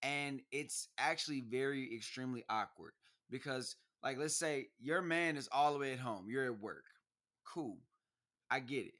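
A young man co-hosting a casual chat, slangy and animated, acting out quotes as he tells stories. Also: mid-range voice, moderate pace. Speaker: podcast co-host.

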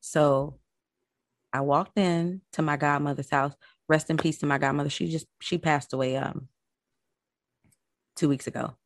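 A low-pitched woman with a gravelly edge, talking casually and chatty as a podcast guest. She's from Florida and tells her stories loosely. The sound is dry and close. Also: steady tone, measured pace, long pauses, no room sound. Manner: chatty, laughing, storytelling.

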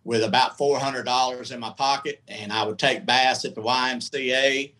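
This middle-aged man spins a long, candid tale in a folksy, rambling manner. His voice has a bright, forceful edge and sits at an ordinary pitch for a man. He talks loosely, like a guest at ease. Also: fairly even intonation, moderate pace, poor audio. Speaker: guest, country singer. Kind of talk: casual storytelling.

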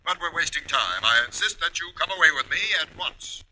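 A man's voice: a little high, animated, a little fast, sharp tone, full character voice, rough recording. An actor playing a mysterious, insistent male villain in a vintage radio drama, commanding in tone. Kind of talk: 1940s radio acting.

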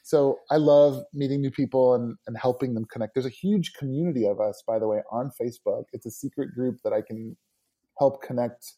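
An earnest middle-aged man speaks as a podcast guest in an enthusiastic, warm way. His voice sits mid-pitch and sounds mellow and dark. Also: fairly even intonation, fairly quick. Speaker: podcast guest, worship leader. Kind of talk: casual interview chat.

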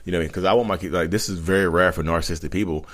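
A man's voice: low-pitched, steady tone, very fast, fairly bright tone. A man, giving a blunt, rambling confessional monologue to his vlog audience and often correcting himself. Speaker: vlogger.

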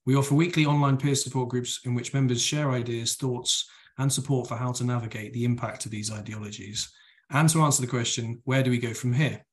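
A man's voice: mid-range voice, fairly even intonation, fairly quick. Man reading a sober, formal show blurb. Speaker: co-host.

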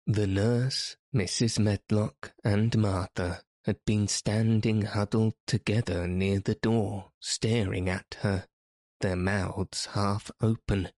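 A man reading a story aloud in a measured, even narration. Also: lowish voice, no room sound, studio quality. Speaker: audiobook narrator. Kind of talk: scripted narration.

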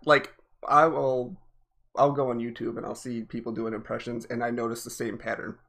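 A man's voice: medium pitch, level tone, normal speed, vocal fry, a bit bright. A man with a Northeastern US accent, voice sitting in a middle range. He talks in a loose, rambling podcast chat, full of restarts and fillers. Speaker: podcast co-host, delivery driver. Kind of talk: casual chat.

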